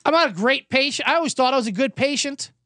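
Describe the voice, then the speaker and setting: A man's voice: very high-pitched, animated, fast, bright, forceful tone, dry recording, clean studio sound. A man hosting a podcast, telling a rambling, self-deprecating comedic story while he recovers from a cough. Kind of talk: comedic casual monologue. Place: indoors, Los Angeles.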